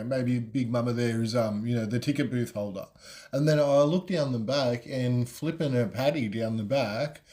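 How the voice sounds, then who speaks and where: A man's voice: mid-range voice, mellow. A middle-aged man, a podcast host, telling a rambling story in a casual way, full of ums and you-knows.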